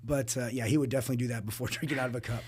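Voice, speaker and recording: Animated man telling fight stories. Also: medium pitch, slightly rough. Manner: animated storyteller, laughs often, quick asides. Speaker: fight coach, guest. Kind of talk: casual interview chat.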